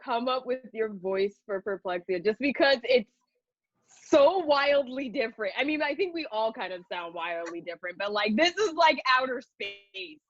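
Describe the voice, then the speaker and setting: A woman's voice: fairly high pitch, expressive, normal speed, dry recording. A woman voice actress in casual podcast chat, giggly and gushing. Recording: dry, dull lo-fi mic.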